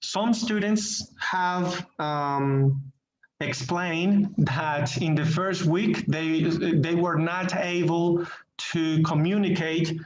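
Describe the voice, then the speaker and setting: A man whose first language is Spanish teaching an English class online, speaking slowly and deliberately and repeating words as he searches for them. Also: a little high, steady tone, slight background noise. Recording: echoey, dull online class audio.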